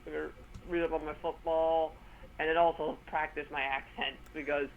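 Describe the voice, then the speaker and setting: A man co-hosting a casual sports chat, his voice a touch higher than most. He leans on sarcasm and drifts into loose, rambling asides. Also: flat delivery, moderate pace, phone-quality sound. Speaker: co-host.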